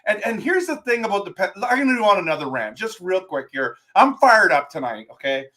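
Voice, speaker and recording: A man hosting a live stream as a hockey fan, talking in an excitable, ranting way with frequent restarts. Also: high-pitched, fast.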